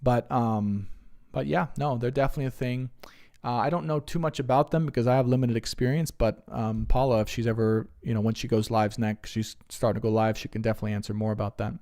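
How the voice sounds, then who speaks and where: A man's voice: medium pitch, fast talker. Rambling earnest man on a live stream. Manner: earnest, rambling, animated when retelling stories. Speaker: spiritual reader answering live chat. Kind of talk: casual live stream chat.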